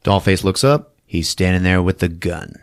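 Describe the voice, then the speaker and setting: A man's voice: deep voice, normal speed. A man hosting a podcast, casually recapping a horror film with profanity, laughter and acted-out voices. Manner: animated, profane, acts out scenes with voices and laughs.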